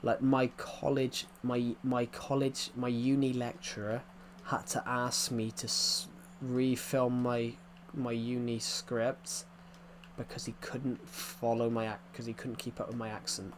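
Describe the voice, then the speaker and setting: Young man, English accent, game streamer, casual rambling chat, repeats and restarts sentences, middling pitch. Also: level tone, unhurried, a little hiss or hum. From England.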